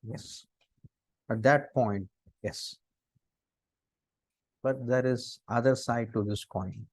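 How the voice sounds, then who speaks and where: Indian man giving an animated lecture. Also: mid-range voice, takes it slowly, breathy edge, dry recording. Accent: Indian English. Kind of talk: lecture on interview body language.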